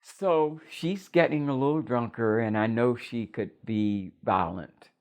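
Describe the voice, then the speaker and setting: An older woman recounting a personal story in a measured, reflective way. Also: a bass voice, a little mellow.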